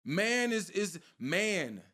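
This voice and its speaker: A man's voice: high-pitched, sing-song, extremely slow, pushed and bright. A man preaching an informal sermon with fervour, firing rhetorical questions at his listeners and repeating a question for emphasis.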